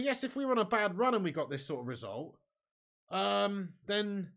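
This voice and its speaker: High, bright-voiced sweary fan. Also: male voice, a little fast. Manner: excitable, sweary, swings from grumbling to shouting. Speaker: fan watch-along host. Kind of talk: live match watch-along commentary.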